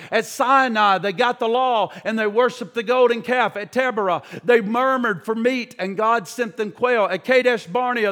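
A man with a very high voice delivers a fervent sermon from the pulpit. He keeps firing questions at his congregation, and the sound rings out in a long hall reverb. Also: fairly bright tone. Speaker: pastor.

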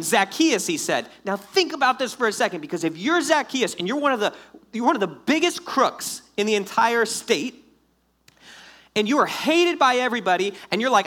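A man preaching a sermon in a lively, conversational way, acting out the quotes. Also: high-pitched. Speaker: pastor.

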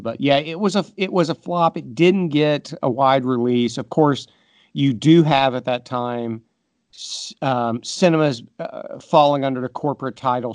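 A man's voice: medium pitch, dry recording. Guy cohosting a movie podcast, opinionated and emphatic, dry close sound. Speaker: podcast co-host. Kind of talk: casual movie review chat.

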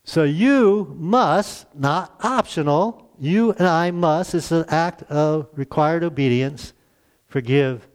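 A man's voice: on the high side, takes it slowly. Chuckling pastor in his sixties. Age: 60s. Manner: conversational preaching with chuckles and rhetorical questions. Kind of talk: sermon. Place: church.

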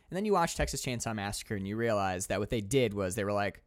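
A man's voice: lowish voice, fast. A young man co-hosting a casual movie commentary chat, swearing freely and acting out quotes. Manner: animated, swearing, mock quoting. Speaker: podcast co-host.

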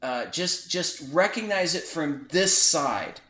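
With a fairly high pitch, he takes his time speaking, and the room around him echoes. As a podcast host, he narrates a story casually and lively, voicing each quoted line.

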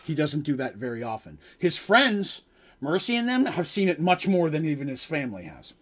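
A man's voice: on the high side, wildly swooping pitch, normal speed, a bit bright. Chatty man telling a fantasy story. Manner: rambling, chatty, with fillers and asides. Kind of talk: casual improvised fantasy storytelling.

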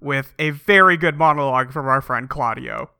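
A man co-hosting a podcast in casual comedic chat, recapping with wry deadpan jokes. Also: mid-range voice, moderate pace, vocal fry, smooth, no room sound, clean studio sound. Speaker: podcast co-host.

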